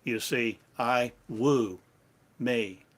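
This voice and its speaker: A man giving a slow, meditative sermon in halting, repetitive phrases, like an incantation. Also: mid-range voice. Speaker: spiritual teacher.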